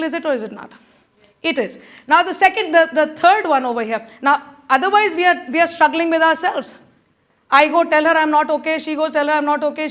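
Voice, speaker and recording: Middle-aged woman, high voice, motivational conference talk, keeps coaxing the crowd. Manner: animated, coaxing the audience with repeated urging. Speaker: conference speaker. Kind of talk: motivational speech. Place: conference room.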